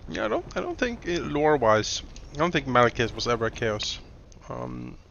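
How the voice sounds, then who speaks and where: A man co-hosting a let's play, chatting casually with frequent laughs and halting restarts. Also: mid-range voice, huge pitch swings, gravelly, fairly bright tone, highs cut off, a little hiss or hum. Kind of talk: casual gaming chat.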